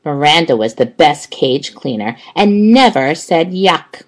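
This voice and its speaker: A woman narrating a children's audiobook in an expressive, unhurried storytelling manner. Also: sits low, rough recording.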